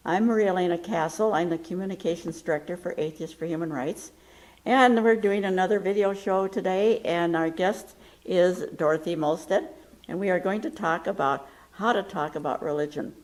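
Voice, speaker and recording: A woman's voice: lowish voice, normal speed, darkish tone, rough recording. A woman hosting a talk show, chatting casually and telling points with emphatic quoted lines. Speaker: host.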